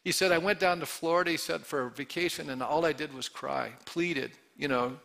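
A middle-aged man preaching a sermon with a gravelly, bright edge to his voice. He throws questions at the congregation and swings between loud emphatic calls and quiet, hushed storytelling. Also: fairly high pitch, brisk. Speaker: pastor.

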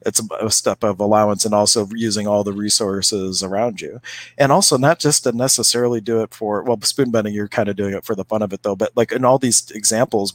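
A man with a lowish voice co-hosts a relaxed conversation about energy work. He tells long anecdotes, circling back and restarting his sentences. The sound is close and dry. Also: no room sound. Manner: rambling storyteller with many restarts. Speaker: co-host, energy healer. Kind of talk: casual spiritual chat.

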